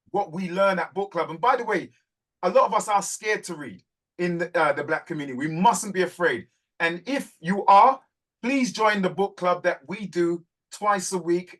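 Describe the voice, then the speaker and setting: High-pitched fervent man. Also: a bit bright. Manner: preacherly, urges listeners, repeats words for stress. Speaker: host of a community group call. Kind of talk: fervent live group talk.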